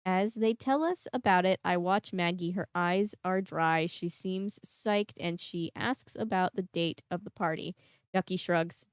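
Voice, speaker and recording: A woman's voice: on the low side, unhurried, clear, resonant tone, dry recording, studio quality. A woman reading a novel aloud on her channel, breaking off for chatty asides and laughing at herself. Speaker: book reader and vlog host.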